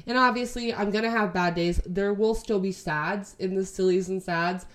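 A woman's voice: medium pitch, normal speed. A woman in her twenties from Texas, chatting casually to her camera in a rambling, sweary way, full of "like". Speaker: vlogger.

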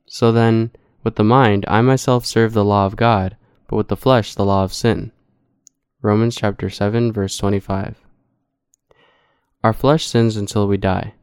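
Male preacher, low and resonant, dry close sound, steady rhetorical delivery. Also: clean tone, dry recording. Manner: measured, rhetorical questions answered himself. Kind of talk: scripted sermon reading.

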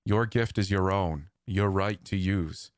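A man voicing earnest deep-voiced guard Sandhu. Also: unhurried, clean tone, dry recording, clean studio sound. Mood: coaxing. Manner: earnest, coaxing, grows firm. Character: frightened but resolute adult male guard. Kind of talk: storytelling narration with acted dialogue.

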